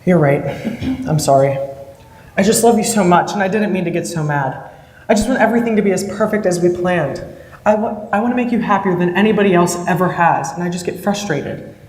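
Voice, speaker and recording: A woman's voice: lowish voice, expressive, fairly quick, darkish tone, lightly acted. Woman playing an uptight young fiance. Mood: apologetic. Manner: impatient and scolding, then apologetic. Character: anxious young male fiance, high-strung. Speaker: student actor. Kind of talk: stage play acting. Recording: echoey hall from far off.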